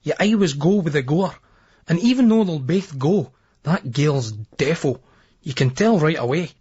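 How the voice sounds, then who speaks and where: A man's voice: fairly high pitch, lively intonation, unhurried, mellow, slightly rough. A man with a Scottish accent narrating a novel in the first person, in a brash, crude, swaggering voice. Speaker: audiobook narrator. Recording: dull lo-fi remastered old tape.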